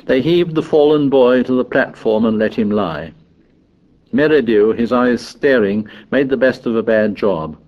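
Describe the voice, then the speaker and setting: A man narrating a novel in a measured, even storytelling voice. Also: mid-range voice, dull audio. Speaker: audiobook narrator.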